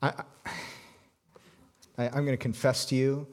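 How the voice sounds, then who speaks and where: Storytelling male pastor with hushed asides. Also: medium pitch, level tone, measured pace. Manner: storytelling with many restarts, drops to soft hushed tones for emphasis. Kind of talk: sermon.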